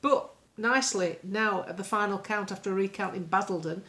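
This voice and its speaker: A woman's voice: medium pitch, fairly quick, fairly bright tone. An older woman, a political blogger, talking in a sarcastic, rambling monologue full of ums. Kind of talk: casual spoken monologue.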